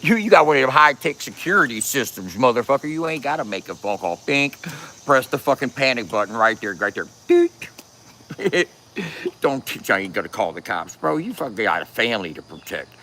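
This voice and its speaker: A man's voice: mid-range voice, very animated, brisk, sharp tone, slight background noise. A man giving a casual, profane rant as a commentator, cursing and laughing often.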